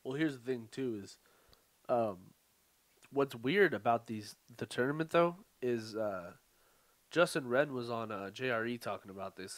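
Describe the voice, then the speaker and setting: A man's voice: mid-range voice, dry recording. A man with a mid-range voice chats casually as a podcast co-host. He is laid-back and profane and laughs often. He sounds close to the mic in a dry space. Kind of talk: casual chat.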